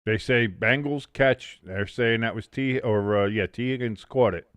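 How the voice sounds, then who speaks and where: A man's voice: medium pitch, measured pace, fairly bright tone, clean tone, no echo. A young man casually commenting on a football game live for a stream, reading chat aloud and swearing freely. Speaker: watch-along streamer.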